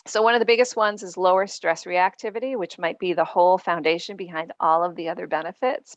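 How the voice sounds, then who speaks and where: A woman's voice: fairly low pitch, a bit bright, dry recording. A woman guest author in a podcast interview, explaining earnestly with frequent ums.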